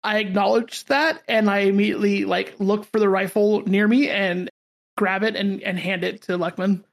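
A woman's voice: medium pitch, steady tone, moderate pace. A woman playing a tabletop game who describes her character's actions hesitantly, often stumbling over her words. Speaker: player. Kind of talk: casual tabletop play.

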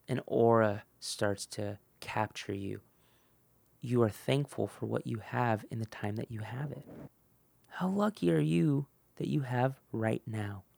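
A gravelly-voiced man delivers an earnest motivational talk straight into a close, dry microphone. He pushes hard on key points, then drops to a near hush. He acts out quick snatches of conversation along the way. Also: fairly low pitch, no room sound. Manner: earnest, swings between loud emphasis and soft hush; acts out quick snippets of dialogue. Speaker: podcast host. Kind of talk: motivational monologue.

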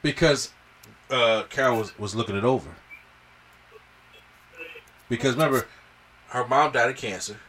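A man's voice: medium pitch, moderate pace, pauses often, distant mic. A man on a podcast casually recapping a film and acting out the characters' lines. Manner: animated retelling, acts out the characters' lines. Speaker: podcast host. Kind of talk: casual movie review chat.

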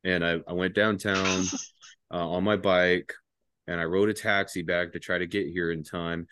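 Low-voiced young man, profane storyteller. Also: little pitch movement, moderate pace, fairly bright tone, no room sound. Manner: profane, laughing, rambling. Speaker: podcast guest. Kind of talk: casual storytelling.

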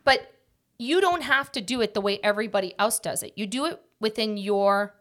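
Bright-voiced woman, rapid chatter. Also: medium pitch. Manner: rapid, jumps between thoughts. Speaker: podcast host. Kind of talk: casual podcast chat.

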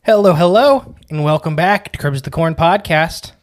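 A man with a fairly high voice co-hosts a laid-back podcast. He rambles along casually and fills his speech with "uh" and "like". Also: normal speed. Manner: chatty, rambling, frequent "uh" and "like". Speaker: podcast co-host.

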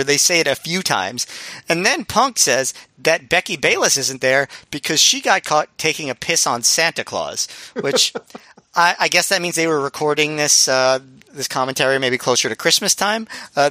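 A man's voice: fairly high pitch, sharp tone, dry recording. A man co-hosting a podcast, chatting casually with frequent ums and restarts. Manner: rambling with many ums and restarts. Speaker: podcast co-host. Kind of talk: casual chat reviewing wrestling.

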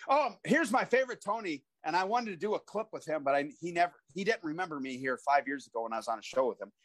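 A man in his forties from Iowa, a former pro wrestler telling animated stories as a podcast guest and acting out the voices of people in them. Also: fairly high pitch, fast, no room sound. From Iowa, USA. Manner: animated storyteller who acts out voices. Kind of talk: casual interview storytelling.

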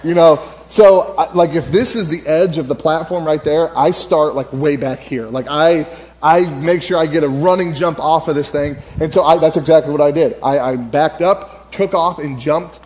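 A fairly high-voiced man speaking at church in a loose, storytelling way. He rambles, fills gaps with "uh" and "like," and breaks into laughter as he talks. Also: normal speed, a little mellow. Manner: rambling, laughs often, many fillers. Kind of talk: casual storytelling sermon.

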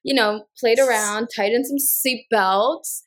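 A woman with a slightly high, fairly bright voice co-hosts a podcast, chatting casually as she quickly recaps a reality show. She acts out quotes from the cast along the way.

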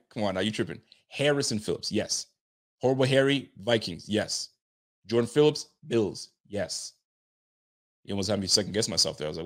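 A man hosting a casual sports talk show, speaking in an animated, slang-heavy way, answering chat comments and riffing on the roster. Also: lowish voice, normal speed. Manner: animated, slangy, talks straight to listeners. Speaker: sports podcast host.

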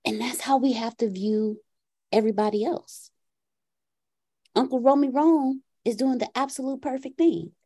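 Podcast host, woman, high mellow voice, lively storyteller who plays out dialogue. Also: moderate pace. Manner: animated, acts out dialogue with her son. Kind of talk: casual storytelling.

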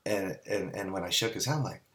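A man from California telling a lively story as a guest in a casual interview, laughing and acting out the people in it. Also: sits low, fast talker. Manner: animated storyteller, acts out quoted voices, laughs often. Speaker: business owner, guest.

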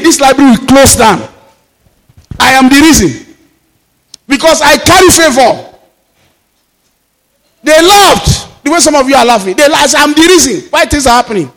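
High-voiced Nigerian preacher in reverberant hall. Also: male voice. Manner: fervent preaching that rises into shouted declarations. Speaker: pastor. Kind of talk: sermon.

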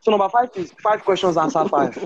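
A man's voice: high-pitched, animated, fast talker, muffled recording, a little hiss or hum. A man hosting a comedy panel, repeating himself as he sets up the next topic. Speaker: host.

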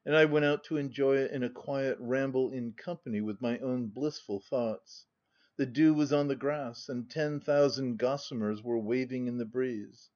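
Reading a classic novel aloud in steady, measured tones, a volunteer narrator speaks at medium pitch. It's captured on a dull, lo-fi recording.

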